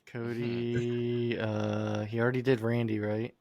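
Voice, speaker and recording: A man's voice: medium pitch, level tone, takes it slowly, darkish tone. A man co-hosting a podcast in casual chat, laughing often and swearing freely as he reads through quotes. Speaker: podcast co-host.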